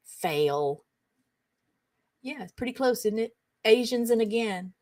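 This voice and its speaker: A woman's voice: a little high, animated, slow pace, long pauses, mellow, no echo. A woman hosting a casual show, reading funny text messages aloud and chatting about them in an amused way. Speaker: host of a comedy roundup show.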